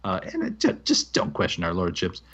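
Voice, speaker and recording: A man co-hosting a gaming podcast, reading listener reviews aloud in a relaxed, rambling way with fillers. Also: deep voice, fairly quick. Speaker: podcast co-host. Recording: slightly dull lo-fi audio.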